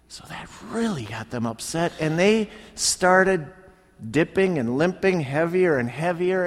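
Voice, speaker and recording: Slow, lively preacher in a reverberant hall. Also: male voice, fairly high pitch. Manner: storytelling, acts out characters' lines. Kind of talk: sermon retelling a Bible story.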